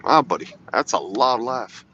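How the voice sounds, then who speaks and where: Chatting to his live-stream audience from a car on snowy roads, a man rambles and reads out their comments. His medium-pitched voice is expressive, pushed and bright, at a measured pace; the slightly dull lo-fi phone audio carries a little hiss or hum.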